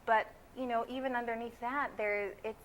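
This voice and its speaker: A woman's voice: on the high side, fairly even intonation, moderate pace, a bit bright, a little hiss or hum, rough recording. A woman in her twenties from California, a graduate student giving earnest, opinionated interview answers. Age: 20s. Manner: earnest and opinionated, building emphasis.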